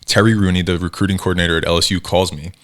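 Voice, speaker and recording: A man in his thirties from New Jersey tells stories as a podcast guest. His voice sits very low and his words come out quick. He brings the people he quotes to life as he talks. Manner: animated, acts out quoted voices. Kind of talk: casual storytelling interview.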